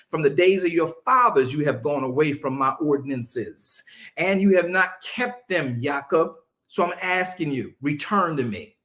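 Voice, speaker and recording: A male preacher teaching a Bible-study sermon, emphatic and conversational, drawing answers from his listeners and slowing down to stress scripture. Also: high voice, a bit bright. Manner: casual Southern-leaning vernacular, mocking asides.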